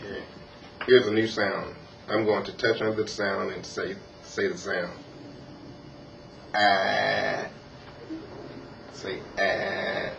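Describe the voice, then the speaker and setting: A man quietly coaching his young child through letter sounds, gently insisting that the child pay attention. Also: fairly low pitch, fairly even intonation, moderate pace, vocal fry. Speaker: parent teaching his child. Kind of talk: home reading lesson. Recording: distant, muffled old tape with hiss.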